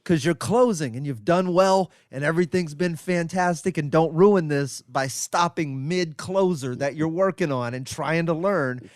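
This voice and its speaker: In a podcast studio, a comedian co-hosting a podcast tells rambling, profane stories during casual chat. His voice is on the high side, measured in pace with few pauses, recorded dry with clean studio sound.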